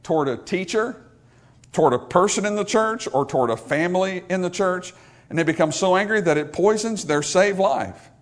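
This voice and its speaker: A man's voice: high voice, animated, moderate pace. A male pastor preaching a sermon, emphatic and repetitive, calling out for amens from the congregation.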